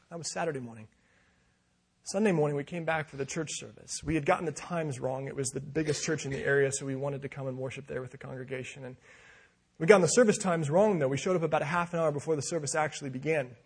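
Husky, high-voiced man telling a sermon story. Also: fast. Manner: animated, acts out quoted voices. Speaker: preacher.

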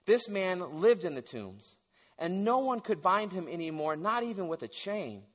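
A man with a fairly high voice preaches a sermon, telling the story with lively energy and tripping over his words as he restarts phrases. His voice rings out with a long reverb, as if in a large church sanctuary. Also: normal speed. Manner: animated storytelling with stammers and restarts. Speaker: pastor.

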